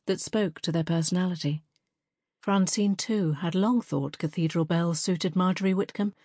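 A woman's low voice tells an audiobook story in an even, measured way. It's a dry recording with clean studio sound.

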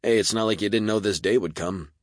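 A man's voice: on the low side, fairly quick, no echo, clean studio sound, voice pushed up, close to an everyday voice. A man voicing a cheerful young male videographer with a breezy, upbeat manner.

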